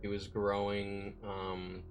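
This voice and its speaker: A man in casual stream chat, animated and swearing a lot while telling stories. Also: lowish voice, takes it slowly, soft background music.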